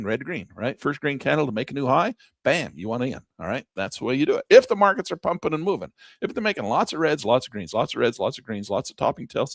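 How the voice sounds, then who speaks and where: A man teaching day trading over a chart in a folksy, excitable way, with a dry close mic. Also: medium pitch, no room sound. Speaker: trading instructor. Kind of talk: screen-share trading lesson.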